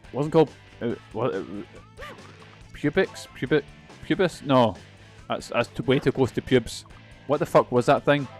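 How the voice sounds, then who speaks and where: A young man streams a video game in a mid-range voice at a moderate pace, with faint music in the background. His casual let's-play commentary rambles, pokes fun at himself, and is full of swearing.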